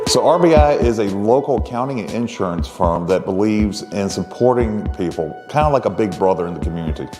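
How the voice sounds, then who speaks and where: A man, the chair of a foundation's board, giving a measured, formal thank-you speech. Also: lowish voice, expressive. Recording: long hall reverb with music.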